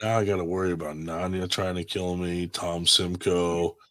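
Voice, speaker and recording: A man's voice: low voice, moderate pace. A man hosting a podcast in rambling casual chat, swearing freely. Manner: profane, rambling and animated. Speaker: podcast host.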